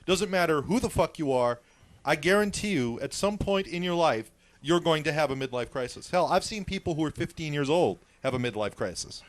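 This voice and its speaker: A man's voice: on the high side, expressive, a little fast. A man in his thirties in a radio studio, talking emphatically and profanely, with stammering restarts. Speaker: studio regular on talk radio. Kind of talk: casual studio chat.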